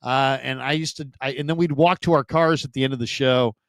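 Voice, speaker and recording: A man, a sports radio host, telling stories in a casual, animated way and mimicking other people's voices. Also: fairly quick, no echo. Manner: animated, mimics voices with big pitch jumps. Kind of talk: casual storytelling chat.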